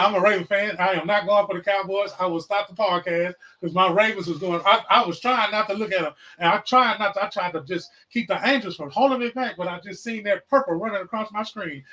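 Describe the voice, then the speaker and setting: A fired-up man in his forties with a fairly high voice, hosting a podcast. He talks straight at his listeners, half sermon and half casual chat, often cursing. His excitement keeps boiling over into loud, hyped bursts. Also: quick pace, hardly any pauses, poor audio. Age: 40s. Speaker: podcast host. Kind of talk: casual preachy podcast monologue.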